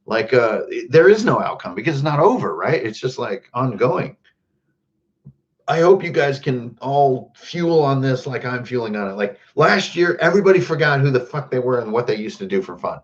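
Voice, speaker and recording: A man hosts a casual livestream, rambling from one joke to the next and calling out viewers by name. His voice sits at an ordinary middle pitch, and the audio comes through slightly dull and muffled. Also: sing-song, normal speed. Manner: rambling, jokey, greets chatters by name. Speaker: host.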